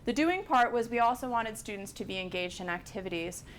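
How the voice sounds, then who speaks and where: A woman presenting at a conference workshop, speaking in a measured way with frequent hesitations. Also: on the high side, animated, a little hiss or hum. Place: conference room.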